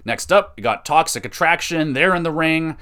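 A young man hosting a podcast, reviewing wrestling matches in casual, excitable chat and swearing freely. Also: a little high, normal speed. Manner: excitable, profane, enthusiastic.

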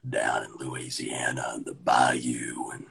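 A man putting on the voice of a gruff Southern man from the bayou, speaking in a low gravelly near-whisper with a Southern US accent. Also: flat delivery, slow pace, a bit bright, full character voice. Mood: drawling.

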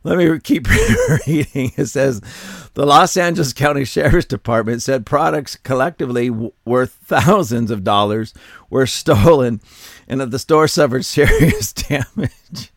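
Laughing man with a gravelly voice. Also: mid-range voice, big pitch swings, unhurried, no room sound, clean studio sound. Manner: keeps breaking into laughter. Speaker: commentary channel host. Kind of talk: reading news and commenting.

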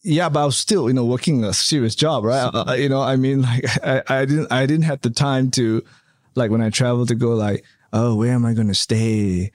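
A man's voice: medium pitch, fairly quick, no room sound, studio quality. A man being interviewed in a casual chat, rambling with many fillers and tag questions. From Canada. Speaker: interview guest, hotel developer.

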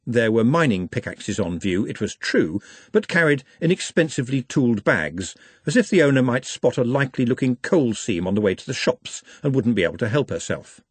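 Brief: male audiobook narrator, husky, lively intonation, dry close sound. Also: medium pitch, brisk, dry recording. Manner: wry, animated reading.

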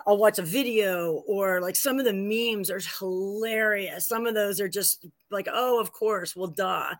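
A woman's voice: mid-range voice, fairly bright tone. A woman guesting on a casual podcast, gushing and rambling, with lots of fillers and restarts. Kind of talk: casual conversational interview.

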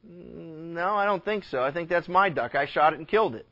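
A man's voice: on the high side, normal speed, pushed and bright, pitched above the performer's own voice. A proud, self-assured lawyer who talks in an indignant, boastful way. A man puts him on in the middle of a sermon joke. The recording sounds dull and lo-fi.

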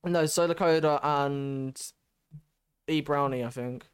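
A man's voice: fairly high pitch, slow, clean tone. A teenage boy from Britain hosting a casual podcast, bantering and laughing often. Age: teens. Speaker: podcast host. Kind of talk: casual chat.

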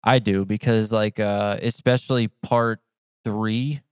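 A man co-hosting a casual podcast in a smooth, resonant voice. He talks in a laid-back, blunt way and swears without fuss. The recording is dry and close-miked. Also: fairly low pitch, steady tone, takes it slowly, dry recording. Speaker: podcast co-host.

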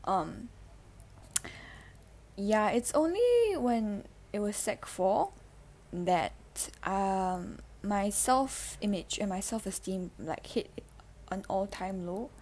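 Teen girl, podcast host. Mid-range voice, halting and emotional confessional delivery with lots of fillers. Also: medium pitch, lively intonation, darkish tone. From Singapore. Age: teens. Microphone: handheld mic.

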